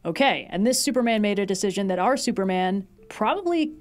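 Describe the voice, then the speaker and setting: A woman's voice: medium pitch, lively intonation, fairly quick. A woman co-hosting a casual discussion, speaking fluently and analytically. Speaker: co-host.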